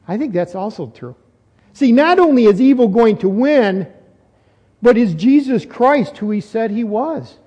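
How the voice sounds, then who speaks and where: A high-pitched man with a mellow, soft-edged tone preaches verse by verse in a hall with a long echo. He reads scripture aloud, then unpacks it, rising to emphatic repeated questions. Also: expressive, measured pace, husky. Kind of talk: expository sermon.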